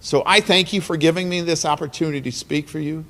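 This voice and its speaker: A man's voice: on the high side, fairly even intonation, fast talker, fairly bright tone. A man speaking as guest speaker at an awards dinner, earnest and emotional, with a preacher-like cadence and repeated phrases. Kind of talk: emotional motivational speech. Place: banquet hall. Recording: long hall reverb.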